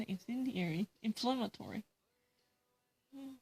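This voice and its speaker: A woman's voice: mid-range voice, moderate pace, gravelly, long pauses, slightly rough. A woman with a Korean accent, Korean as her first language, reading English vocabulary words and definitions aloud and explaining them in casual solo study.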